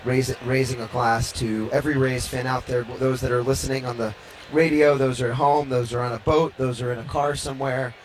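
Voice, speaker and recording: A man giving an on-air interview at a ballpark as a team executive, slightly out of breath, upbeat and halting with frequent restarts. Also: medium pitch, little pitch movement, a little hiss or hum, low-quality recording. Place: ballpark during a game.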